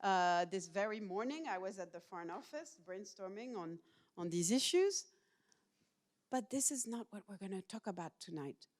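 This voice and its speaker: Middle-aged woman giving an animated lecture. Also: mid-range voice, moderate pace. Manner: animated and personal, asks the audience questions. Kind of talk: public university lecture. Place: lecture hall with a student audience.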